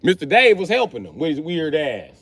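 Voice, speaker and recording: A man streaming live, telling a heated story in a loud, profane rant that breaks into shouting. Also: fairly high pitch, very animated, brisk, slightly rough, no room sound. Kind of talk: ranting storytime.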